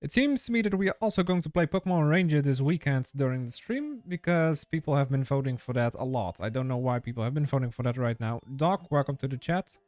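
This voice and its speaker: A man's voice: medium pitch, expressive, fast, few pauses, darkish tone, dry recording. Rambling male game streamer. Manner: rambling, chatty, many fillers and restarts. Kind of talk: casual live-stream chat while gaming.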